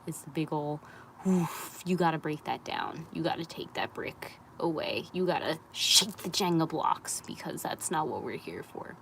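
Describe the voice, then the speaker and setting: Young woman, spiritual wellness creator; soft, breathy half-whisper, rambling candid delivery, lowish voice. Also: normal speed, a little hiss or hum, low-quality recording. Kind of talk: candid live-stream talk.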